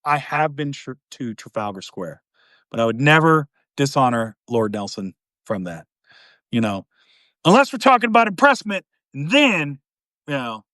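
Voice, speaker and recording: A man's voice: mid-range voice, very animated, normal speed, sharp tone, no room sound. A man hosting a podcast, joking and rambling in casual chat, full of "you know" asides. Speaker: podcast host.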